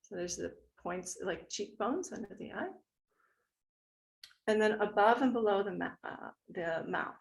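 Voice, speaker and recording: Gentle woman guiding a tapping meditation. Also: mid-range voice, gravelly. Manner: gentle, instructive, slow and soothing.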